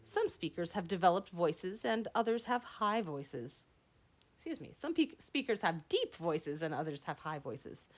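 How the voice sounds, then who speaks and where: A woman's voice: fairly low pitch, very animated, unhurried. A woman instructor reading a textbook lesson aloud, with frequent slips and self-corrections. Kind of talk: lecture read aloud.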